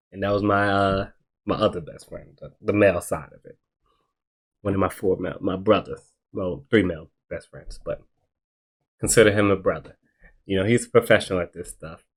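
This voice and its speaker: This is a young man with a deep, low voice who tells a story from his own life. He talks casually and uses a lot of slang, like he's chatting with friends. He laughs often as he goes. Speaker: podcast host.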